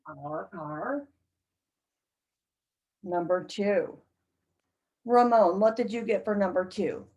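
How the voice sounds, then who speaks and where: A woman's voice: medium pitch, a little slow, dark tone, poor audio. A woman teaching an English pronunciation lesson to a class, carefully modeling short sentences for learners to repeat.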